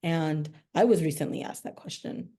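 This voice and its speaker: A woman's voice: deep voice, moderate pace, mellow, slightly rough. A young adult woman hosting a podcast, speaking earnestly in casual conversation and repeating herself for emphasis. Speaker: podcast host.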